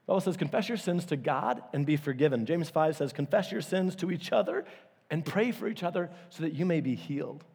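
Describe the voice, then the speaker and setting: A man preaching a sermon as a pastor, telling stories with lively, acted-out quotes and sudden jumps in pitch. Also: fairly quick, husky. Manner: animated storytelling, acting out quotes with big pitch jumps. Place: church auditorium. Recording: long hall reverb.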